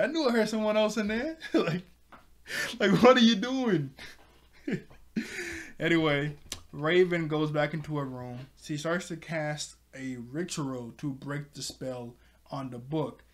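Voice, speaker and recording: A man casually recapping a cartoon episode, rambling with many fillers and frequent laughs. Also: on the high side.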